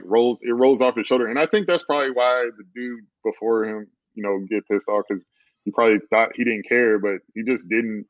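A man's voice: mid-range voice, dry recording. A man chatting casually on a podcast in an easygoing, agreeable way. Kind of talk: casual chat. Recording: dull lo-fi dry mic.

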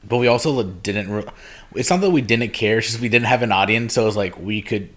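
A man with a fairly low voice hosts a relaxed podcast, talking loosely into a podcast mic. He rambles, trails off and restarts, padding with ums. Nothing about his delivery is polished. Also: fast talker. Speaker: podcast host. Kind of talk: casual podcast chat. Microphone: podcast microphone.

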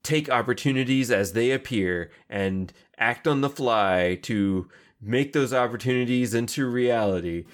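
A man's voice: medium pitch, a little slow. A man casually recapping an anime episode, acting out the characters' lines and swearing freely. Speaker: podcast co-host recapping an anime. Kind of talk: casual chat.

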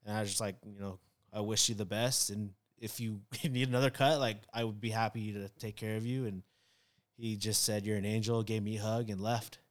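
A man's voice: lowish voice, steady tone, brisk. A man, a barber, chatting on a podcast and telling a heartfelt story, earnest and emotional, with many fillers and restarts. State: tearing up. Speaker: barber guest. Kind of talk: casual podcast chat.

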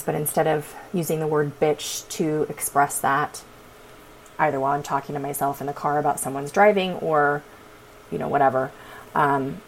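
A woman's voice: low voice, a little hiss or hum, rough recording. A woman hosting her own astrology podcast, chatting casually in a sassy, profane way. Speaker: podcast host. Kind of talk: casual chat.

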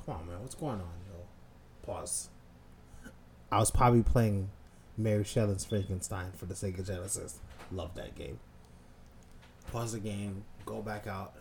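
A man casually telling a long story on a podcast, profane and animated, acting out scenes and sounds. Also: on the low side, a little slow, long pauses, slight background noise. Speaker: podcast co-host.

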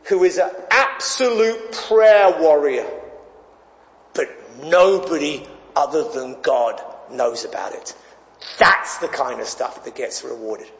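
High-voiced pastor in an echoey church. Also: male voice, a bit bright. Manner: conversational, digressive preaching. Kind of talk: sermon. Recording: echoey hall, dull sound.

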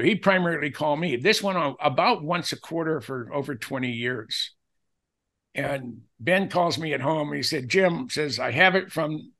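An older man telling personal anecdotes as a podcast guest, acting out the dialogue he quotes in an animated way. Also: fairly high pitch, creaky. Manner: animated storyteller who acts out quoted dialogue.

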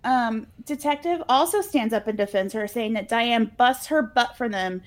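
On a casual podcast, a woman with a slightly high voice recaps a movie plot scene by scene at normal speed. She's a chatty co-host who laughs easily and often, briefly putting on mock voices to quote the characters' lines.

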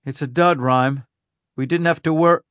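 A determined woman police detective, as a male narrator puts her on in an audiobook, answering in tense, clipped lines. The voice sits a little higher than the narrator's own and stays dry and close. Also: lively intonation, moderate pace, gravelly, dry recording. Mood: relieved.

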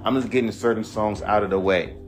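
A man's voice: lowish voice, steady tone, brisk, faint music behind. A man hosting his own podcast, a rapper ranting in a laid-back, rambling, profane way. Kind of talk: casual monologue.

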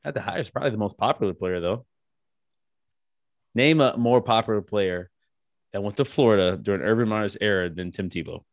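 A man's voice: on the low side, brisk, pauses often, no room sound, studio quality. A man co-hosting a podcast in casual chat, laid-back, laughing often and swearing now and then. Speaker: podcast co-host.

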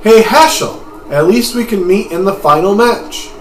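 A man's voice: high-pitched, lively intonation, moderate pace, roomy sound, recorded from a distance, a little hiss or hum, pitched above the performer's own voice, poor audio. A man voicing an earnest young male hero swordsman in a video game, friendly and eager. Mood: upbeat.

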